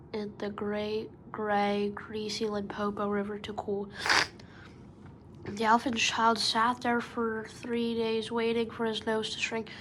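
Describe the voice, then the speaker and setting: A woman reads a children's tale aloud at an unhurried, deliberate pace, with her voice sitting a little high. She keeps to a level, even tone and turns to the listener now and then as "best beloved". The reading is steady and patient. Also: slight background noise, poor audio. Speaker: storyteller. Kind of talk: children's story narration.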